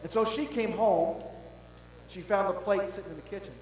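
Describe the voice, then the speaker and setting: A man's voice: high voice, moderate pace. Older man preaching in an echoing hall. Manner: animated storyteller, swinging from shouts to hushed tones. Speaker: senior pastor. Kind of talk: sermon. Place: large event pavilion. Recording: roomy hall with long reverb and faint hum.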